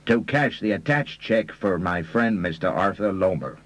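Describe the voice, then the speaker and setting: A man voicing a brash, slangy American male con man with a fast-talking swagger. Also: deep voice, expressive, dry recording, poor audio.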